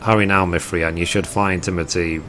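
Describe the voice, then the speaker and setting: A man reading aloud the gentle, polite lines of a kindly festive gift-giver in a game. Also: sits low, fairly even intonation, brisk, slight background noise. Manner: plain read-aloud delivery, gentle polite wording.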